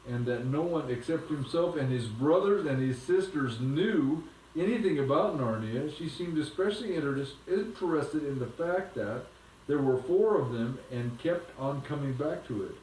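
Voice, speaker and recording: A man reading a children's book aloud to a child, gentle and unhurried. His voice sits a touch high for a man, picked up from a distance in a reverberant room. A faint hum lies underneath. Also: animated.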